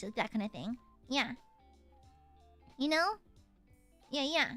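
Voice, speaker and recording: Bright lively Southern woman streamer. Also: high-pitched, a little slow, pauses often, no room sound, faint music behind. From American South. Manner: playful, laughing, teasing chat. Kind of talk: casual game stream chat.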